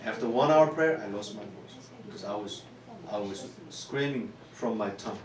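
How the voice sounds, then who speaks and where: A man with a Korean accent, a pastor preaching a sermon in an earnest, repetitive way that builds to loud exclamations. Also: fairly low pitch, normal speed, crowd noise. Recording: roomy church hall, distant mic.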